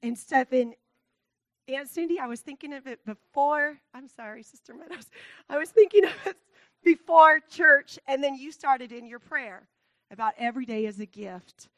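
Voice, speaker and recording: A woman's voice: high-pitched, moderate pace, pushed and bright, no room sound. A woman giving an earnest talk to a church congregation, laughing often and growing tearful at times. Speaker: church speaker.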